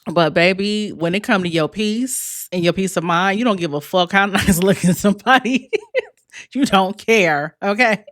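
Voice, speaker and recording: A woman's voice: medium pitch, a bit bright, no echo, clean studio sound. A woman hosting her own podcast, telling a personal story in a frank, profane way, laughing often and speaking straight to her listeners. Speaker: podcast host. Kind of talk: candid storytelling monologue.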